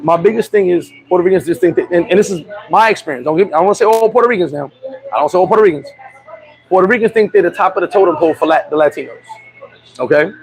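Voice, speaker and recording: A man's voice: high-pitched, fast talker, poor audio. A man hosting a casual livestream chat, telling blunt, profane stories. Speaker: livestream host.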